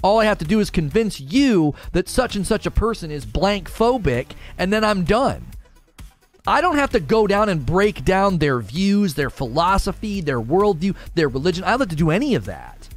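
A man arguing and talking through a live stream, full of rhetorical questions. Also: high voice.

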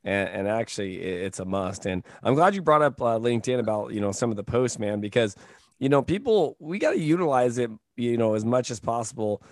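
Hosting a casual produce-industry podcast, this man talks energetically with lots of fillers and tag questions like "right?". His mid-range voice is animated, fairly quick and darkish in tone, captured at studio quality with no room sound.

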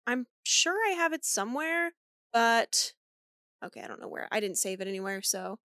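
A woman's voice: fairly high pitch, lively intonation, normal speed, bright, forceful tone, no room sound, clean studio sound. A woman co-hosting a podcast in casual chat, chatty and swearing freely, laughing often. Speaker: podcast co-host.

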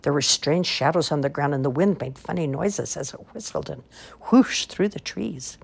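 Husky woman reading storybooks aloud. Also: low-pitched, fairly quick. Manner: expressive, lively storytelling. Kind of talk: animated storybook read-aloud.

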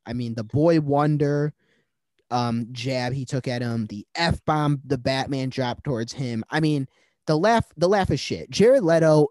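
Male podcast host, lively, profane banter, dry close sound. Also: mid-range voice, no room sound. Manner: joking, profane, animated. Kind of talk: casual chat.

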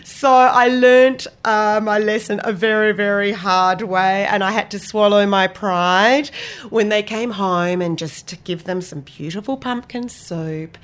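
Aussie lady on her solo podcast, chatty and self-mocking, telling a funny kitchen story. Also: fairly low pitch. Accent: Australian. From Australia. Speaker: podcast host and private chef.

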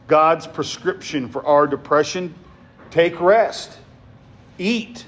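A pastor delivers a sermon in a fairly high-pitched male voice, moving between forceful declarations and quiet, hushed passages. He keeps checking in with the congregation by asking "right?"

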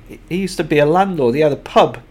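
A man's voice: on the high side, quick pace, warm tone. A man co-hosting a podcast, chatting casually about a novel and reading out passages with enthusiasm. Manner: enthusiastic, chuckling, reads quotes aloud. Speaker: podcast co-host discussing a novel. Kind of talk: casual book-club chat.

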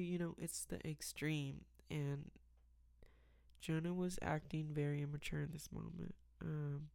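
A man giving a casual, rambling Bible reflection, reading verses aloud and filling pauses with "um" and "like.". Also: fairly high pitch, flat delivery, gravelly, darkish tone, smooth, dry recording. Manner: rambling, many fillers, reads scripture aloud.

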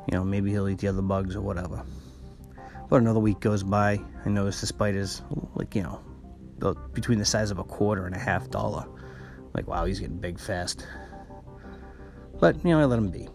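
Man, podcast host, rambling profane stories, music behind. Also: deep voice. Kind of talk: casual storytelling.

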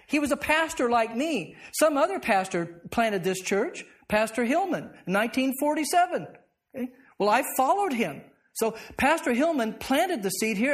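A middle-aged male pastor teaching a Bible class, reading verses aloud and prompting the class with questions that he then answers himself. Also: very high voice.

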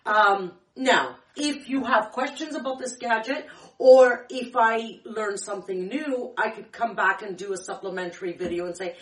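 A woman's voice: mid-range voice, moderate pace, hardly any pauses, a bit bright. A woman hosting a kitchen tips show, chatting casually in a rambling, self-correcting way, her throat a little dry from a candy in her mouth. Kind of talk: casual demo chat. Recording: echoey room, far from the mic.

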